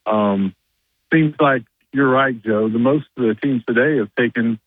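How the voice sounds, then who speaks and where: A man's voice: mid-range voice, a little slow, dry recording. A man calling in to a radio show as a reporter, chatting casually and rambling with lots of fillers, often losing his train of thought. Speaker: reporter calling in from media days. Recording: tinny phone line, dry.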